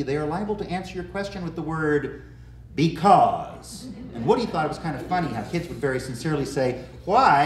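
A man's voice: medium pitch, a little mellow, slight background noise. A man who tells folk stories and leads the audience in a sing-along, speaking in a folksy, teacherly manner. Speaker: folk singer and storyteller. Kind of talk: storytelling and leading a sing-along. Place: community television studio or stage. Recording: roomy echo, voice heard from a distance, with guitar. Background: guitar.

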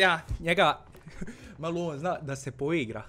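A man with a high-pitched voice narrates a horror game as a comedic persona. He slips between halting English and his own language, swearing and muttering under his breath. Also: bright, forceful tone. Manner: broken English mixed with Bosnian, frequent swearing, nervous muttering. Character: fearless-boasting Balkan village man persona. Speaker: gaming channel host. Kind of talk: comedic let's-play commentary.

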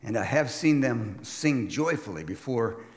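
A man's voice: medium pitch, expressive, unhurried, long reverb tail, natural voice. A man playing an old prophet in his seventies, weary and burdened, speaking a grave monologue with wry asides. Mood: solemn. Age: 70s. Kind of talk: dramatic first-person sermon monologue.

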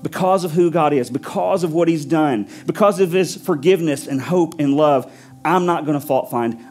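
Pastor guy preaching, kinda high voice, punchy repeats, soft music under it. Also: normal speed. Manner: emphatic, repetitive preaching cadence. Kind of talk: sermon with closing prayer.

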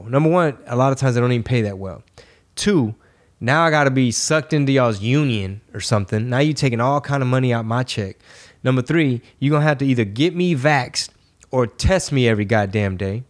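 A man hosts a laid-back podcast in an easy, mid-pitched voice. He rambles through loose stories with plenty of swearing. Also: animated, brisk. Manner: profane, rambling storytelling. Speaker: podcast host. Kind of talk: casual podcast chat.

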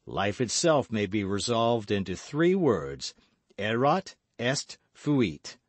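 A man's voice: fairly low pitch, sing-song, takes it slowly, no echo, heavily acted. A man voicing a melancholy, philosophical young musketeer in an audiobook. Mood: wistful. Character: melancholy young male musketeer, pious and wistful.

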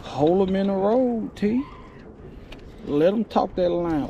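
A man giving lively, excited commentary while fishing from a boat and talking to the fish. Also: high voice, a little slow, lo-fi sound. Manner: lively, talks to the fish and viewers. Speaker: fishing vlogger. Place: outdoors on the water, in a boat. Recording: noisy outdoor phone recording.

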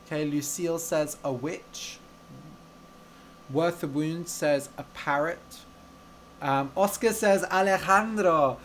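Slow, relaxed male language teacher. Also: a little high, slight background noise. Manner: slow, clear, explains words and asks viewers questions; relaxed and chatty. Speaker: English teacher and storyteller. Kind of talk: interactive live-stream story lesson.

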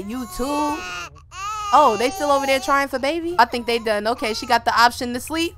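A woman giving casual, joking gameplay commentary, animated and laughing often. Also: sits high, normal speed. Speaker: gaming YouTuber.

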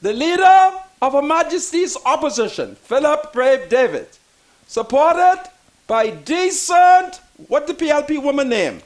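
A man with a Bahamian accent giving impassioned political commentary, preacher-like, repeating lines for emphasis and rising to shouts. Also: very high-pitched, big pitch swings, unhurried.

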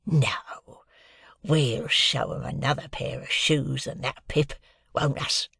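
Old convict, slow and husky, hoarse hush; narrator voices him. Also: male voice, mid-range voice, fairly even intonation, no echo, in a whisper, studio quality, full character voice. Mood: boastful. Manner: coarse dialect, hoarse hushed urgency. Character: rough older male convict, fiercely devoted.

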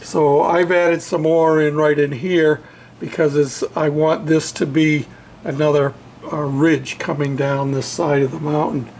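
A man in his home hobby workshop, casually showing his model railroad backdrop in an unhurried, halting way with lots of fillers. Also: fairly high pitch, little pitch movement, darkish tone, slight background noise. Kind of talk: casual show-and-tell.

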